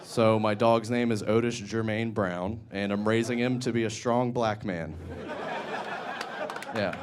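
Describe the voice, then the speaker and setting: A young man with a fairly low voice doing a stand-up set on a club stage. He rambles through self-deprecating stories and drops crude asides, with faint club noise under the mic. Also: steady tone, measured pace. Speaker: stand-up comedian.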